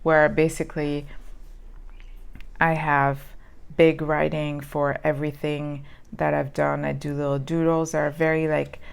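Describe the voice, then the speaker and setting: A woman's voice: low-pitched, flat delivery, measured pace, creaky, clean tone. A woman chatting casually as she flips through old planners, rambling with lots of ums and restarts. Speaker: planner vlogger. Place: lives in Southern California.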